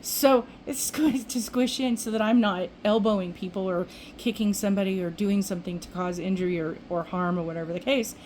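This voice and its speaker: A woman's voice: medium pitch, fairly even intonation, brisk, few pauses, a little mellow, slight background noise, low-quality recording. An older woman vlogging, telling a rambling everyday story in casual chat with restarts. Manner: chatty, rambling, with restarts and acted-out quotes.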